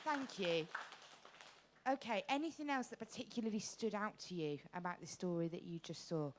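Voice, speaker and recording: A woman's voice: mid-range voice, moderate pace, slight background noise. A woman leading a group discussion, friendly and encouraging as she invites people to speak. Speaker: workshop facilitator.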